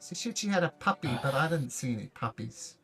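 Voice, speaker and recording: A man's voice: mid-range voice, expressive, fairly quick, fairly bright tone, soft background music. A man voicing a kidnapped little boy who sobs, stammers and whines. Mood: whimpering. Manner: blubbering, whiny, stammering. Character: sobbing kidnapped little boy with useless legs.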